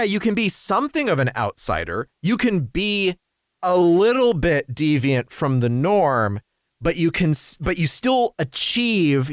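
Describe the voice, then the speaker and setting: Casting note: male co-host, analytical and wordy, animated intonation, dry close sound. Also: a little high, dry recording. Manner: discursive, academic, self-correcting. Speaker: podcast co-host. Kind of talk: casual analytical podcast chat.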